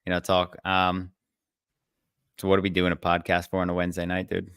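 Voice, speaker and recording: A man's voice: sits low, monotone, brisk, a bit bright, smooth, no echo, clean studio sound. A young man co-hosting a podcast, chatting casually, telling stories and swearing freely. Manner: loose, swearing, storytelling banter. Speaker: podcast co-host.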